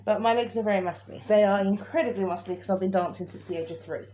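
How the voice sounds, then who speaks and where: A woman's voice: medium pitch, fast, dark tone. A woman, co-hosting a casual chat and ranting in an exasperated, chatty way. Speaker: podcast co-host. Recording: faint background noise.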